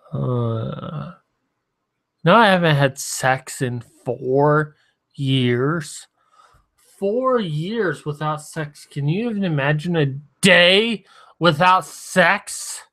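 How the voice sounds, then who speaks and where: A drunk man talking to his stream viewers with slurred, halting speech, sometimes very soft. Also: fairly high pitch. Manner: talks softly at times. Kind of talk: drunken livestream monologue.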